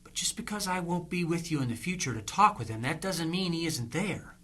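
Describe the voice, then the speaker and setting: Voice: mid-range voice, lively intonation, fairly bright tone. An actor playing a coaxing psychic medium. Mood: soothing. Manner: coaxing, slow and soothing. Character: soothing psychic medium, persistent and probing. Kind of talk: radio play acting.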